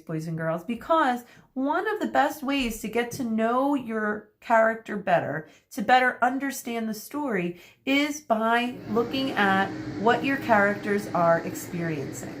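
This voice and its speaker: A woman teacher reading a children's chapter book aloud, her voice fairly high and her pace slow and unhurried. She reads expressively and talks straight to her young students between passages. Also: a little hiss or hum.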